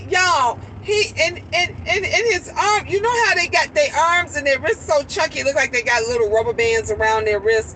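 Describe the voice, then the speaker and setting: Middle-aged grandmother streaming on her phone; animated, chatty, crisp bright tone, faint road noise. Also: high voice, normal speed, hardly any pauses, poor audio. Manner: animated rambling storytelling, greeting viewers. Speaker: live stream host. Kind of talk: casual chat with viewers.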